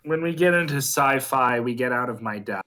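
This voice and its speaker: A man giving slow, hesitant feedback in a casual writers' chat, wandering off on tangents. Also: medium pitch, lively intonation, sharp tone. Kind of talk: casual group chat about writing.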